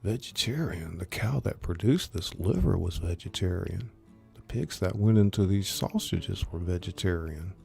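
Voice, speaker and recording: A man voicing a rude, scornful ship's cook in a low half-whisper, as whispered role-play. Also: expressive, moderate pace, creaky, mellow, faint music behind, heavily acted.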